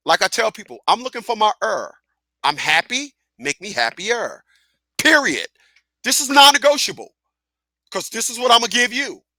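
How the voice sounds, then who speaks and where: A man hosting a live talk radio show who talks in an animated, profane way, laughs often and repeats himself. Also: high-pitched, normal speed, no echo.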